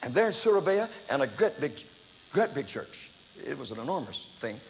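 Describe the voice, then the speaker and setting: An older man preaching a testimony sermon, telling his story in an animated, dramatic way that breaks into loud exclamations. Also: mid-range voice, normal speed. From United States. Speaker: evangelist preacher. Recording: echoey hall, faint background noise.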